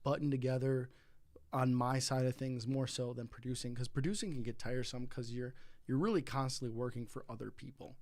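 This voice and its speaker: A man's voice: mid-range voice, fairly even intonation, fairly quick, a little mellow, dry recording. A man talking as a guest on a podcast, rambling in casual chat with frequent laughs and restarts.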